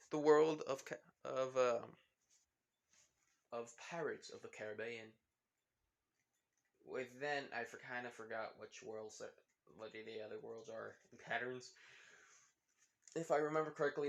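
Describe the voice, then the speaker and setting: A man's voice: mid-range voice, a bit bright. A man casually telling a fan-fiction story, rambling with many fillers and restarts.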